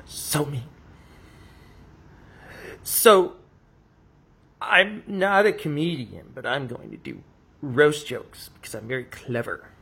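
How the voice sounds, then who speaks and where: A young man delivers a satirical monologue in character, protesting far too much. His voice sits a little high and sounds bright and forceful. He talks slowly, tripping over repeated words as his pitch swoops up and down. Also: very animated, gravelly. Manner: sarcastic mock-defensive rant, stammering repeats, swooping pitch.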